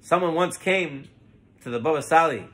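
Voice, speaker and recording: A rabbi delivering a lesson in a high, lively voice that climbs and dips as he tells his stories. His tone is bright and a little husky, and Hebrew terms run through his English. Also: normal speed. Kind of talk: Torah lesson with storytelling.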